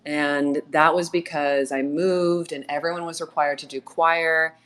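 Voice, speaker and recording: A woman with a notably low voice chats casually as the guest of a live audio Q&A. She tells stories with animation and plays out remembered dialogue. The sound comes through a simple call microphone. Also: unhurried. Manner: animated storyteller, laughs often, acts out quotes. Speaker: actress and AMA guest. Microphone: remote audio call mic.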